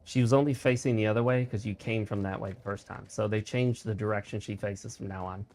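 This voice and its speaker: A man's voice: on the low side, steady tone, brisk, a little mellow. A man talking casually while he streams a video game, explaining mechanics and sharing opinions as he plays. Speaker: gaming streamer. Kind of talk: casual let's-play commentary.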